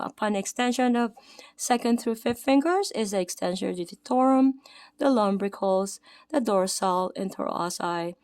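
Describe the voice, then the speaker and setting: Young Filipino-accented woman, massage therapist tutoring online; hesitant, lots of "um", crisp and dry. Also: medium pitch, a little mellow, no echo. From Philippines. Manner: halting, many fillers and self-corrections. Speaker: massage therapist teaching anatomy. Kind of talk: casual online anatomy lesson.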